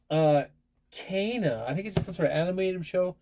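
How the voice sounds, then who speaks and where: A man's voice: high-pitched, moderate pace, mellow, slight background noise. A married man, chatting casually as a collector showing off his latest purchases. He rambles, restarts words and pokes fun at himself. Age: adult, married. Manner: rambling and self-deprecating, with frequent restarts. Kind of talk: casual chat.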